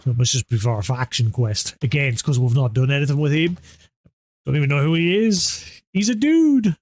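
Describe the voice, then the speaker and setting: A man's voice: mid-range voice, brisk. A man casually commenting on a video game while streaming, thinking aloud and chatting. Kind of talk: casual let's play commentary.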